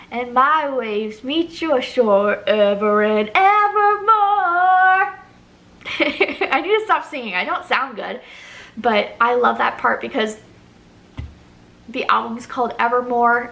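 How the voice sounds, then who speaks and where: A woman's voice: a little high, fairly bright tone. A young woman vlogger chatting casually as she ranks songs, gushing and rambling with lots of ums and likes. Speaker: music vlogger ranking songs. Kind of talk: casual chat to camera.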